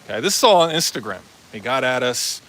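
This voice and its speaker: Bright-voiced man rambling on a live stream. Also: mid-range voice, very animated, quick pace, a little hiss or hum. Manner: rambling, filler-heavy, slangy. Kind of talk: casual live-stream monologue.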